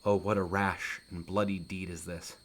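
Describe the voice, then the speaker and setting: A man's voice: low voice, flat delivery, moderate pace, fairly bright tone, voice pushed down. A man reading an anxious queen mother's verse lines, raising his voice a little for her. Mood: alarmed. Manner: reads verse lines aloud from the play.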